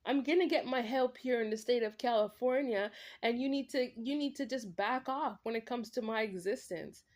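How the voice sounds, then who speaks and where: A woman's voice: fairly high pitch, normal speed, a little mellow. A woman vlogger in a confrontational, repetitive rant, talking straight at an absent man. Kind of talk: ranting monologue to camera.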